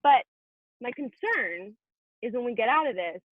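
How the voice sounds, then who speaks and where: A woman's voice: fairly high pitch, expressive, normal speed, slight background noise. A young woman guest chatting casually and wryly on a podcast. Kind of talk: casual chat. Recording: tinny phone-like call audio.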